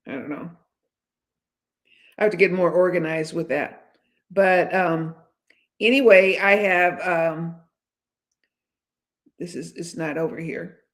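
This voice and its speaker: Slow and low, with long pauses, this woman in her seventies hosts a casual livestream. She chats candidly and wanders from point to point, restarting often and leaning on fillers.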